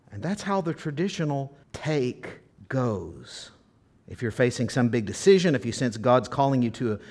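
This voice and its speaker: At a church service, a pastor preaches to his congregation in a mid-range, very expressive voice that swings widely up and down. He keeps it conversational, tossing questions to his listeners, and acts out scripture with real drama as he reads it aloud.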